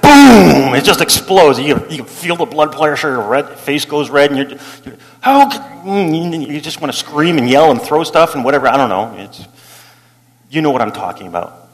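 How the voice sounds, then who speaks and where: Storytelling pastor in a reverberant hall. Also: male voice, medium pitch, brisk. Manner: animated, acts out quotes, laughs while telling. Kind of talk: storytelling sermon.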